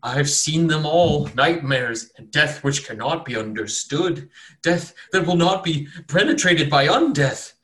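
A man's voice: fairly high pitch, animated, unhurried, fairly bright tone, voice pushed up. A man voicing a raving, unwashed male cultist hermit who pleads frantically to be cleansed. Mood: haunted.

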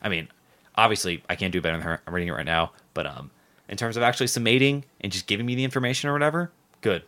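A man's voice: lowish voice, racing, sharp tone. A man hosting a podcast, rambling sarcastically and swearing a lot as he chats about local news. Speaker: podcast host. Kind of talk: casual profane local-news chat.

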